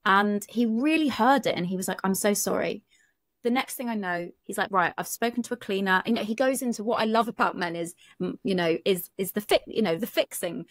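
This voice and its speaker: A woman's voice: mid-range voice, a little fast, dry recording, studio quality. A British woman, a relationship coach, talking frankly on a podcast and swearing casually. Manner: frank, chatty, swears casually, many fillers. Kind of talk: candid podcast conversation.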